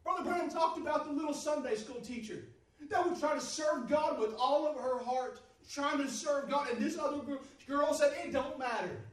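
Male preacher, storytelling sermon that builds to shouting, high voice, heavy room echo. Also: moderate pace. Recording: echoey hall from far off.

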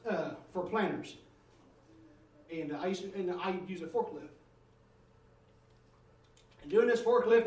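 A man's voice: high voice, far from the mic. A man preaching a sermon, telling a story and calling on the congregation for answers. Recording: roomy room, voice away from the mic.

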